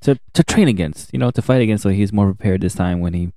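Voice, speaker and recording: A man's voice: on the low side, fast talker, warm tone, no echo, studio quality. A young man co-hosting a podcast, recapping a TV show in casual, crude, joking chat and acting out characters' lines.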